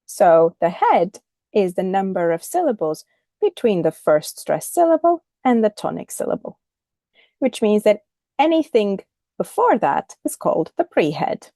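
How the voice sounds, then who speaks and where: A woman teaching a recorded lesson, speaking clearly and deliberately and modelling the intonation of example phrases. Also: medium pitch, big pitch swings, mellow, no echo, clean studio sound. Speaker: English teacher.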